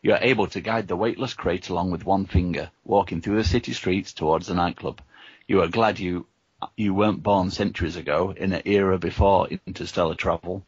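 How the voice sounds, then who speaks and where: A man reading a gamebook aloud to friends as host, steady and offering them the choices. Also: sits low, fairly quick, husky, no echo, lo-fi sound. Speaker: reader and host.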